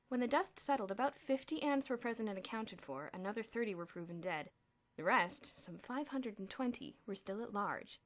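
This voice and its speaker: A woman's voice: mid-range voice, lively intonation, moderate pace. A woman narrating a children's novel as an audiobook, telling the story expressively. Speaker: audiobook reader.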